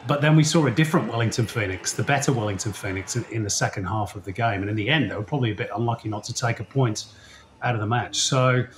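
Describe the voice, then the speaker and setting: A man speaking as a football commentator guest, giving relaxed, chatty analysis with many fillers. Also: fairly low pitch, fast talker, slight background noise. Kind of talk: casual interview chat.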